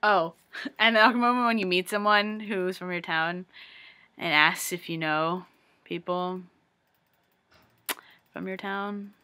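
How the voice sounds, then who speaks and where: Bright, chatty young woman vlogging. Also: on the low side, slow, pauses often. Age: young adult. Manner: chatty, excitable, lots of "like". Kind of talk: casual vlog chat.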